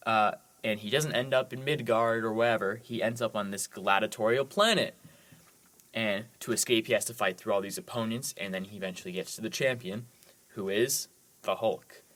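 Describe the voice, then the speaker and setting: A man talks through films on a podcast with eager, rambling enthusiasm, his voice sitting a little low. He leans heavily on "like" and keeps the chat loose and conversational. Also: normal speed, a bit bright. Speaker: podcast co-host. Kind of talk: casual movie podcast chat.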